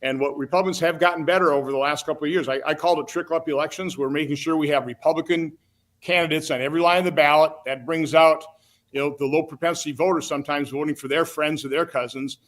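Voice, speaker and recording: An older man speaks as a guest senator in an interview. His voice sits a bit high, and he talks in a plain, halting way, stumbling over restarts. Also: steady tone, a bit bright. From Wisconsin. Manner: plain-spoken, halting, many restarts and fillers.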